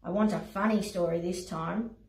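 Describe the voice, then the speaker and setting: A woman's voice: on the low side, fairly even intonation, moderate pace, vocal fry, darkish tone. A woman voicing a playful young lion who won't go to sleep, reading from a storybook in a pleading, whiny way. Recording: roomy echo, voice from a distance.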